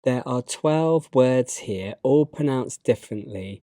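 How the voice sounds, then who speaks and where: A man with a British English accent, narrating a slide lesson and giving learners instructions in a measured, instructive way. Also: medium pitch, expressive, dark tone, dry recording, clean studio sound. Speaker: English teacher.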